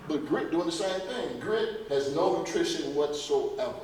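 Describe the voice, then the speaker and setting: A man's voice: fairly high pitch, animated, unhurried, a little mellow, slight background noise. A man giving a health lecture to a church audience, folksy and emphatic, firing off rhetorical questions at the crowd. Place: church hall. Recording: echoey hall recorded from far off.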